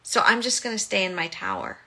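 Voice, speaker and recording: Woman doing a mild young heroine, bright and quick, accepting. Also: medium pitch, huge pitch swings, breathy edge, heavily acted. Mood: resigned.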